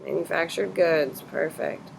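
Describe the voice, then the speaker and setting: A woman teacher in a classroom, questioning students briskly and bluntly correcting their answers. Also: low voice, gravelly, slight background noise.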